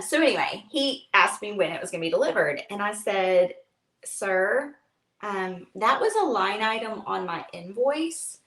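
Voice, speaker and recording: A woman's voice: medium pitch, a bit bright. A woman hosting a live craft stream from home, chatting and telling a rambling story with lots of fillers. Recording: echoey room with faint noise.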